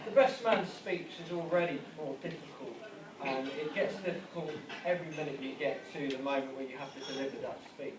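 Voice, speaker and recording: A man's voice: fairly high pitch, brisk, heavy background noise. A man speaking as best man at a wedding, saying he is nervous. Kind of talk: speech at a wedding reception. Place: wedding reception hall. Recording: echoey hall from far off.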